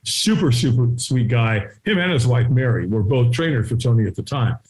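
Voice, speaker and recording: A middle-aged man telling a story as an interview guest, acting out the voices of people in it and sometimes shouting. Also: mid-range voice, animated, moderate pace. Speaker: guest, firewalking instructor. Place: his home.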